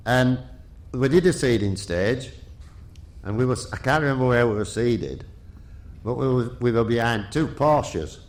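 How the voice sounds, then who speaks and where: An older man, a guest telling lively stories, laughing often and restarting his sentences. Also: medium pitch, unhurried. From Yorkshire. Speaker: guest, retired rally driver. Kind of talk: casual anecdotal storytelling.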